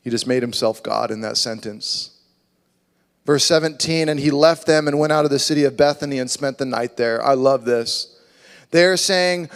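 A man preaching a sermon as a pastor, animated, acting out voices in his story. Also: a little high, normal speed, smooth. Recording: long reverb of a large hall.

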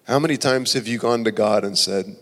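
A male pastor preaching a passionate sermon, swinging between loud emphasis and hushed, near-whispered phrases. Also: fairly low pitch, fairly quick. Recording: long reverb of a large hall.

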